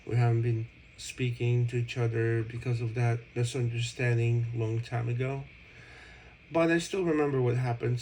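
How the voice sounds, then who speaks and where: A man talks to camera in a middle-pitched voice, working through a long explanation to an old friend. He restarts sentences and leans on fillers. A faint hiss sits under the recording. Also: darkish tone, poor audio. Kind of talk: casual monologue addressed to an old friend.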